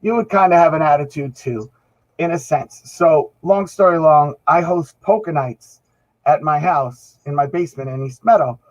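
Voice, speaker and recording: A band musician appears as a guest on a podcast, rambling through casual anecdotes and acting out the quotes in them. His voice is fairly high and at normal speed, and the recording is rough.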